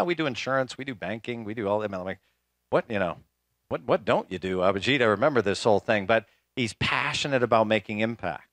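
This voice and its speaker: Casual low-voiced man giving a talk. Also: a bit bright, no echo. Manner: casual storytelling with fillers and restarts. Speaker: speaker. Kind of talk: conference keynote. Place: conference hall, live talk.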